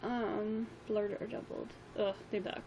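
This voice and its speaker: A woman's voice: medium pitch, flat delivery, a little slow, background noise. A young woman chatting casually on a livestream, rambling with lots of ums and likes, her voice a little worn. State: slightly losing her voice.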